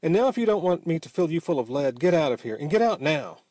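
A hot-tempered young man, put on by a man reading the story, shouts furious threats and scorn. The voice is loud and pushed up high above the reader's usual tone, yet still darkly mellow and dry. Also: sing-song, fast, dry recording.

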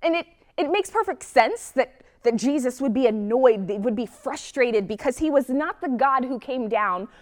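A woman's voice: sits high, expressive, normal speed. A woman preacher giving a sermon, earnest and reflective, often asking the listener rhetorical questions.

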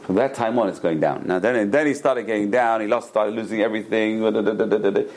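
A middle-aged man teaching a Torah lecture as a rabbi, an animated storyteller who repeats words for emphasis and drops in Hebrew terms. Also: lowish voice, fast talker, a little hiss or hum. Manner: peppers speech with Hebrew terms.

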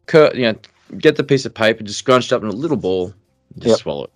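Deep-voiced blunt man chatting. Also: lively intonation, quick pace, no echo, soft background music. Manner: blunt, rambling, lots of fillers. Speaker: podcast co-host. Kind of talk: casual chat.

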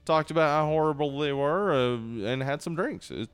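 A man's voice: fairly high pitch, moderate pace, smooth. A man co-hosting a podcast, talking casually in an upbeat, enthusiastic way. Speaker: podcast co-host.

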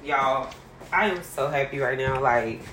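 A woman's voice: extremely low pitch, unhurried, heavy background noise. A woman hosting a podcast in a casual, chatty and playful way, often laughing as she talks. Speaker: podcast host. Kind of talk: casual chat.

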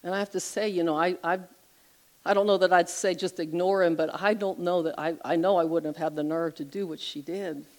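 A middle-aged woman with a slightly low voice narrates an inspirational story on a Christian talk show. Her pitch rises and falls freely as she builds each moment, and she lets her voice drop soft for the gentle parts. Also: fairly quick, poor audio. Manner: expressive storyteller, lively pitch swings.

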